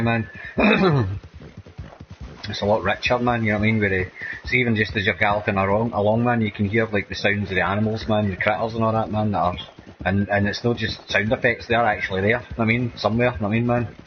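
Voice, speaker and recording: A man's voice: lowish voice, fairly even intonation, fast talker, lo-fi sound, slight background noise. A man with a Scottish accent chatting casually while playing a game, rambling and tagging nearly every sentence with "man" or "mate". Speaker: gameplay streamer. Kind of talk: casual gameplay chat.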